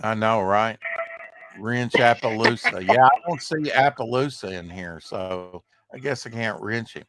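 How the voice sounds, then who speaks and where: A man's voice: lowish voice, animated, a little slow, a bit bright. A man hosting a casual livestream, rambling and joking while reading chat aloud, short on sleep. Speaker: livestream host.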